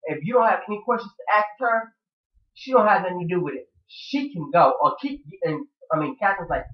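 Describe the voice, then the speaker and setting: A man recapping a TV episode in casual, profane, animated talk, acting out the characters' lines. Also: high voice, moderate pace, reverberant, recorded from a distance, highs cut off. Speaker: TV show recap reviewer.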